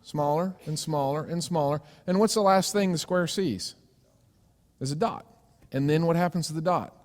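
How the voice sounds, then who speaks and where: A male preacher giving a sermon, telling a story with lively acted-out voices for its characters. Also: on the high side, moderate pace, long reverb tail. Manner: animated storytelling, acting out voices for shapes. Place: church sanctuary.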